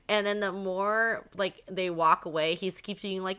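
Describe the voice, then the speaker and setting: A woman hosting a podcast, retelling a story in a lively, rambling casual chat with many fillers. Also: medium pitch, unhurried, smooth. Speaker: podcast host.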